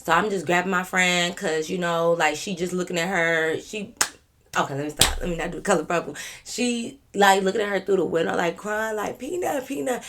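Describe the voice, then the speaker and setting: A woman with a deep, low voice spins a story for her viewers. She talks casually and playfully, full of slang. She acts out each person's lines as she goes. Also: brisk, fairly bright tone, a little hiss or hum. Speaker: storytime vlogger.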